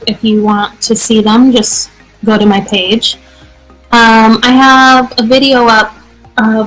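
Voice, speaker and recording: An American woman hosting a live English practice show, answering viewer questions in an energetic, chatty way. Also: a little high, low-quality recording. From United States. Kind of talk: casual live-stream teaching.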